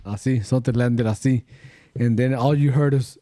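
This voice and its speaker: A man's voice: mid-range voice, fairly even intonation, normal speed, background noise. A middle-aged man hosting a podcast, telling ghost stories in a rambling, profane, slangy way and dropping in Spanish phrases. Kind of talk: casual storytelling chat.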